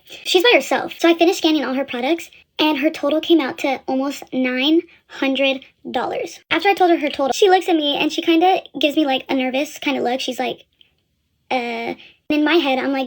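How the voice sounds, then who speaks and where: A young woman who works in retail tells a story in a high voice at a moderate pace. She's casual and blunt, using plenty of fillers and some swearing.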